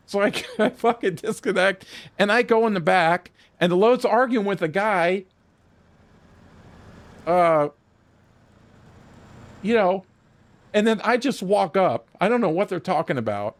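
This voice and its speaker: While streaming a game, an older man with a notably high voice spins a rambling war story, swearing constantly and acting out every remembered line of dialogue. He speaks a little slowly with long pauses, and the casual tale has a loose, lively pull.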